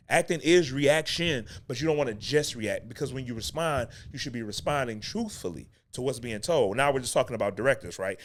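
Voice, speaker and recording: A man hosting a show as an acting coach, teaching in a casual spoken monologue that often repeats key phrases and restarts sentences. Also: mid-range voice. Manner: laughs between points.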